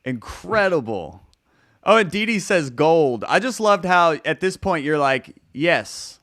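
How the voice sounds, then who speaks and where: A man's voice: fairly high pitch, animated, a little slow, fairly bright tone, dry recording, clean studio sound. A man hosting a comedy talk show over a video call, upbeat and chatty. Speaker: podcast host. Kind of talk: casual video-call interview.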